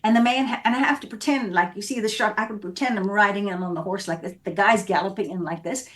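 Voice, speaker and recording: An animated woman from South Africa tells stories as a guest in a casual interview. Her voice sits at an ordinary middle pitch for a woman. She acts out the scenes and voices as she talks. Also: fast talker. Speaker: actress guest.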